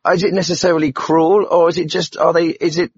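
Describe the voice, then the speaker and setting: A man hosting a comic radio phone-in, brisk and interjecting. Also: fairly high pitch, flat delivery, a little mellow, husky, no room sound. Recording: dull dry studio sound.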